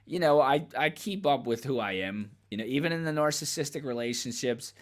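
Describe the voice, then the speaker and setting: A man's voice: mid-range voice, lively intonation, brisk. Candid, rambling man reacting to clips. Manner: candid, rambling, profane, laughs often. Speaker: reaction video host. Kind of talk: casual reaction commentary.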